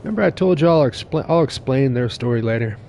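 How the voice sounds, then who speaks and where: Nursing a sore tooth, a young live streamer laughs, gets excited, curses casually and talks with his viewers as he plays. He speaks fast in a mid-range voice over slight background noise.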